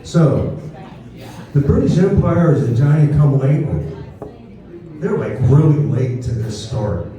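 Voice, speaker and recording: Man, history speaker, casual and digressive, dark mellow tone, far off-mic in a big echoey room. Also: fairly high pitch, animated, a little slow, long pauses. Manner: chatty, digressive, asks "okay?" often. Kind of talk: informal history talk to a live audience.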